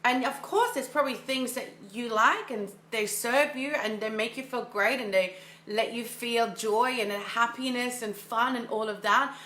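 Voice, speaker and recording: A woman's voice: on the high side, moderate pace, bright, forceful tone, echoey room. A woman mindset coach giving an enthusiastic, casual motivational talk, often repeating phrases for emphasis. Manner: casual, filler-heavy delivery. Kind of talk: motivational monologue.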